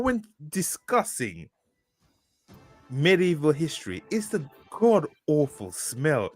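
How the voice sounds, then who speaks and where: A man's voice: fairly high pitch, wildly swooping pitch, slow, darkish tone, dry recording, faint music behind. A man, an author co-hosting a podcast, narrating an improvised story with crude jokes and laughing asides.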